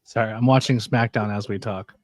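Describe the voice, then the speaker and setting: Relaxed man with a dry, close sound. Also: fairly low pitch, fairly quick, no room sound. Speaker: guest, show booker. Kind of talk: casual chat.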